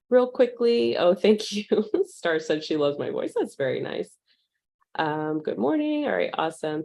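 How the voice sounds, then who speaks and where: A woman with a slightly low voice leads a live virtual class in a relaxed, upbeat way. She talks casually and is peppered with ums. She breaks off to welcome attendees by name. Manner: uses fillers like um. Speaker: online course instructor.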